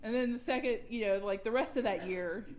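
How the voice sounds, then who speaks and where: A woman's voice: a little high, brisk, a little mellow. A young adult woman, candidly sharing her personal recovery story at a workshop and laughing at herself now and then. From Georgia, US.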